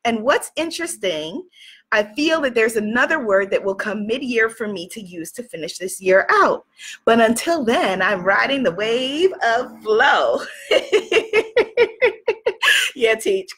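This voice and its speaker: High bright effusive woman coach. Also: husky. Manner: effusive, cheering repeated yeses. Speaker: spiritual coach and host. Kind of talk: motivational video talk, reading messages aloud.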